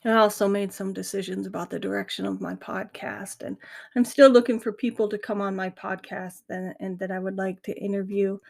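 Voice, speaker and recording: A woman's voice: medium pitch, fairly even intonation, a little fast, gravelly. A middle-aged woman hosting a grief podcast, talking candidly and earnestly in a reflective monologue. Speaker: podcast host. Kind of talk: casual monologue.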